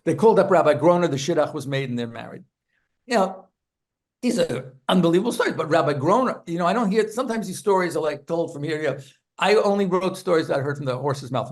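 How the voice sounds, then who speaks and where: A man who is a rabbi and author, telling lively anecdotes as an interview guest and acting out the people in his stories. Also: a little high, fast, vocal fry. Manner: animated, acts out characters in his stories.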